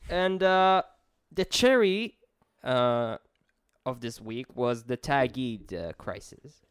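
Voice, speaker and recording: A man, co-hosting a podcast and explaining events at length with halting restarts. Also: mid-range voice, expressive, a crowd in the background. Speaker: podcast co-host. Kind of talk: casual explanatory chat.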